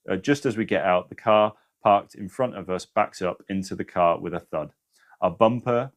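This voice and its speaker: A man with a fairly low voice hosts a relaxed spiritual livestream. He talks earnestly and swears freely. He reads passages aloud with strong emphasis. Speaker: spiritual live-stream host. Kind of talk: casual livestream talk, reading aloud.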